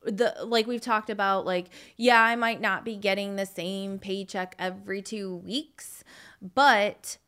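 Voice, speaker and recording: A woman co-hosts a podcast in a casual chat. Her voice sits at a middle pitch and sounds smooth and clear. She lays out her thoughts in an earnest, reflective way. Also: steady tone, unhurried, a bit bright. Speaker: podcast co-host, real estate agent, former property manager.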